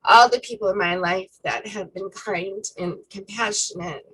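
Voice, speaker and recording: A woman co-hosting a casual faith-themed chat, retelling a story in an animated way with many fillers. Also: medium pitch, normal speed, slightly rough, poor audio. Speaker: co-host.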